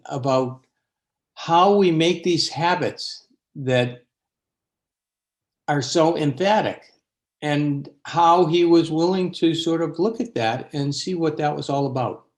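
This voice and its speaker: An older man, an abbot and Zen teacher, recalls memories in an interview. His slightly high-pitched voice moves unhurriedly, full of pauses and fillers. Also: darkish tone. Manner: unhurried storytelling with frequent fillers. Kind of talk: interview reminiscence.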